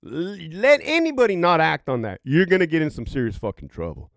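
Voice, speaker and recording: A man's voice: on the high side, huge pitch swings, a little fast, dry recording, clean studio sound. A middle-aged man, a former prison guard and veteran, telling stories in a profane, rambling, casual way. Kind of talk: casual vlog storytelling.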